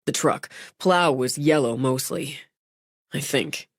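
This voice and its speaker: A woman's voice: very deep voice, slow pace, no echo, full character voice. A woman reading voices a shaken young man after a crash, talking in a dry, joking way. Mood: dazed, wry.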